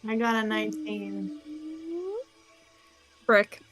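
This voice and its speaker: A woman's voice: medium pitch, flat delivery, slow pace, music in the background. A woman chatting casually as a player in a tabletop game over a voice call, teasing the others. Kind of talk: casual chat while playing a tabletop game.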